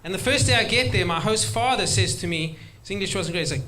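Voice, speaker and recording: A man's voice: high-pitched, animated, fast talker, few pauses, sharp tone. A man doing a chatty stand-up set, often laughing at his own jokes. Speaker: stand-up comedian. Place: stage at a live comedy show.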